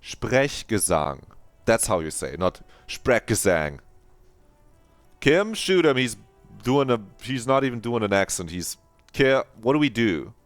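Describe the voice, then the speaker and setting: A man's voice: mid-range voice, big pitch swings, normal speed, no echo, soft background music. A man streaming a video game, chatting playfully in a rambling, mock-dramatic way and swearing now and then. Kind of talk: casual live-stream commentary.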